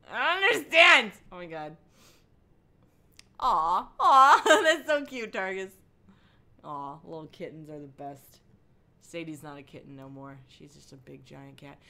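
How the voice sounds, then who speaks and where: A young woman hosting a casual livestream from her couch at home, rambling and halting as she chats and answers her viewers. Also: medium pitch, pushed and bright. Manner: rambling, halting, with frequent ums and likes. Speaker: livestream host. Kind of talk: casual chat reading chat messages. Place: home living room, on a couch.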